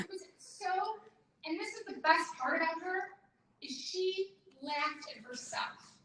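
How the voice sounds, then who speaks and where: Animated woman presenting in an echoey room. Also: a little slow, slight background noise. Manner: animated, acts out her mother's lines in a higher voice. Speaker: workshop presenter. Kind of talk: live workshop talk to an audience. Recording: echoey room, far from the mic.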